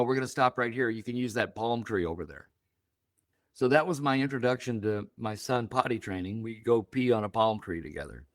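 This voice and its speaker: A man's voice: mid-range voice, dry recording, clean studio sound. Older man telling a heartfelt story. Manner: emotional, animated storytelling with voiced quotes. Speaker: guest. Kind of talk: personal storytelling in an interview.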